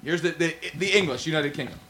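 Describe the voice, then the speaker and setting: A man co-hosting a casual podcast, playful and quick with quips. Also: fairly high pitch, a bit bright, a little hiss or hum. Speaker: podcast co-host.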